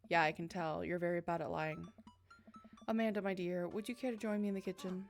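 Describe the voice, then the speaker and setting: Playful gravelly woman reading a game. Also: fairly low pitch, steady tone, a little fast, soft background music. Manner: playful, voices several characters, laughs and tears up. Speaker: let's play gamer. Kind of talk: reading a dating game aloud with voices.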